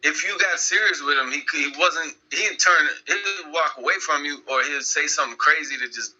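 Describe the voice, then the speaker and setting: Guy on a podcast, super bright voice, rambling story, kinda muffled audio. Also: fairly high pitch, moderate pace, slight background noise. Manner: rambling animated storyteller, many restarts. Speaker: podcast guest. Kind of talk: casual podcast chat.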